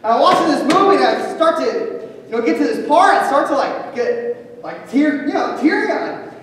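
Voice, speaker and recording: A man giving a profane, impassioned motivational speech, swinging from loud to hushed. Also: extremely high pitch, sing-song, normal speed. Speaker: motivational speaker. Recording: echoey hall, voice from far off.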